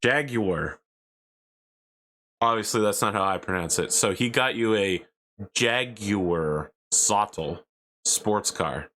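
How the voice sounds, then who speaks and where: A man running a tabletop game who describes scenes casually. His voice is low-pitched yet bright. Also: moderate pace, slight background noise. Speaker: game master.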